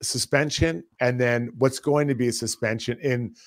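A man's voice: medium pitch, fairly even intonation, moderate pace, no echo. A man co-hosting a hockey podcast, talking casually and with energy about the game. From Canada. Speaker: podcast co-host. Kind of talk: casual sports talk and read ads.

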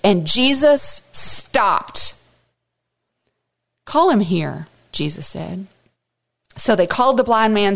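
A woman teaching a Bible study, reading scripture aloud with emphatic, expressive asides. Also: medium pitch.

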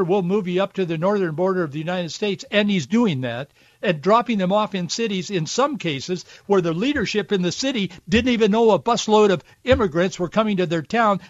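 Male commentary host, high voice, preachy, dull lo-fi recording. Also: no echo. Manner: emphatic, preachy, indignant. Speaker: podcast host. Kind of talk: political commentary monologue.

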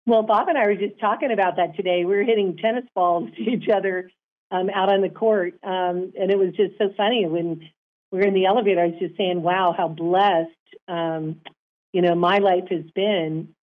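A woman guest talking about her sport in a measured, upbeat, earnest way. Her voice sits at a middle pitch. She comes through a thin, phone-like line. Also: fairly even intonation. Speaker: guest, former softball player. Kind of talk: interview answers.

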